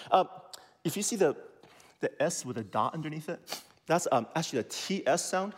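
A man preaching a sermon as a pastor, teaching in an animated way and leading the listeners to repeat after him. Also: fairly high pitch, fairly quick, big-room sound. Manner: animated, teaching with call-and-response.

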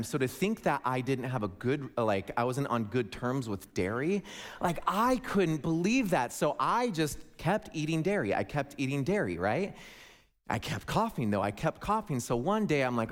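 A young man from Wisconsin giving a humorous storytelling sermon, playful and jokey with asides to the audience. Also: on the high side. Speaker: speaker addressing a congregation. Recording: long reverb of a large hall.

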